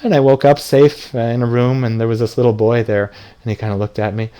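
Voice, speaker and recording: A man's voice: mid-range voice, little pitch movement, quick pace, mellow, smooth. A middle-aged man who teaches lucid dreaming, casually telling a dream story to an audience and acting out the lines he quotes with a raised voice.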